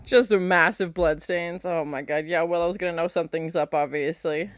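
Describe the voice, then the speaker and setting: A woman hosting a reaction video. She comments in an animated, chatty way and often squeals and laughs. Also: lowish voice, normal speed, dry recording, studio quality. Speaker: host.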